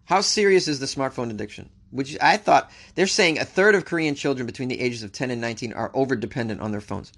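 A man's voice: mid-range voice, fast talker, hardly any pauses, a bit bright. A man hosting a news show, reading stories aloud and cracking wry jokes about them in a casual commentary style. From United States. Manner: wry, joking, talks back to the news he reads.

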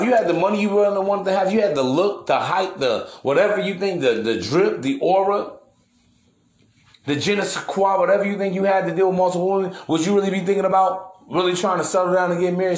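A man's voice: high voice, fairly quick, reverberant. A man hosting a podcast in a brash, preachy monologue, full of slang and swearing. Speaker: podcast host. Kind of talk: casual monologue.

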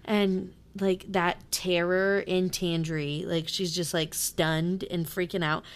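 A woman's voice: on the low side, level tone, slow pace. A woman co-hosting a podcast, talking animatedly about a book with lots of fillers and some swearing. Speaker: podcast co-host. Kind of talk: casual book chat.

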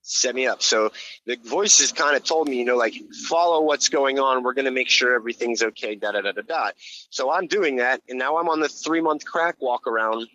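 Guy telling a rough story on a podcast, cussing constantly, bright voice, kinda muffled lo-fi audio. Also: mid-range voice, fairly quick, a little hiss or hum. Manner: blunt, heavy swearing, rambling restarts. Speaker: podcast guest. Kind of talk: casual storytelling.

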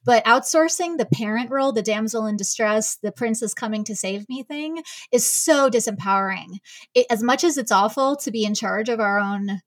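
A woman talking candidly in a casual chat, lively and animated, acting out the voices she quotes. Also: fairly high pitch, moderate pace.

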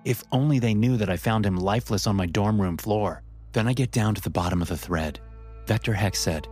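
A man's voice: on the low side, brisk, soft background music. A man giving scripted first-person horror narration in a tense storytelling manner.

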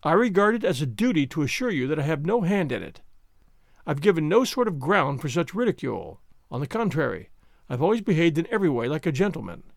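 A fussy, timid schoolmaster frets and pleads in a raised, anxious voice, as a man reading the story puts him on. His voice swings widely in pitch. The recording is close and dry. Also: very animated, quick pace, gravelly, no echo. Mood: fretful. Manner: fretful, pleading, higher pitch.

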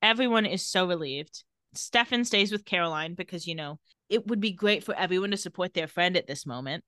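A young woman recaps a TV episode with a sarcastic, deadpan play-by-play. Her voice is bright and crisp. The sound is dry and close, with no room echo. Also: lowish voice, brisk. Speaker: podcast co-host recapping a TV episode. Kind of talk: casual recap chat.

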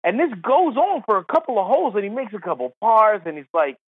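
A man, a former tour caddie, telling a story as a podcast guest in casual chat, animated and laughing as he acts out the people in it. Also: high voice, fast, husky, no room sound. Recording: tinny phone-line sound.

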